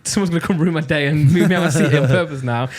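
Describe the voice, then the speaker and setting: A man's voice: fairly high pitch, rapid-fire, a little hiss or hum. A young man with a Nottingham accent, telling a rambling story on a casual podcast and laughing his way through it. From Nottingham, England. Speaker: podcast co-host.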